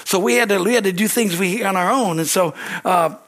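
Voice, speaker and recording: A middle-aged man preaches with lively, storytelling energy. His voice sits a little higher than most men's. He throws out calls of amen to the room. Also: brisk. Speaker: pastor. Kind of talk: sermon.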